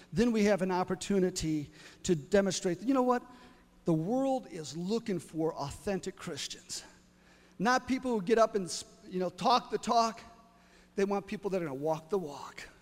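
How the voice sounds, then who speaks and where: A male preacher telling a story in a sermon, building to loud exclamations. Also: high-pitched, long reverb tail.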